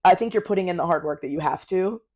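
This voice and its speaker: A woman comedian chatting casually on a podcast, laughing often and reacting warmly to her co-host. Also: lowish voice, fast, slight background noise.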